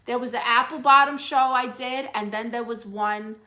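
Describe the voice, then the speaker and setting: A woman hosting a comedy livestream as an advice-giving aunt, chatting casually with a sassy, teasing manner and reading comments out loud. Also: fairly high pitch, fairly even intonation, normal speed, low-quality recording. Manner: coos baby talk at her dog.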